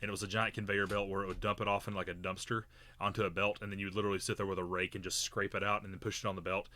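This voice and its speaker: A man's voice: on the low side, level tone, racing, bright, forceful tone, no echo. A man co-hosting a podcast, telling a long story in a rambling, casual way with many fillers and restarts. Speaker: podcast co-host.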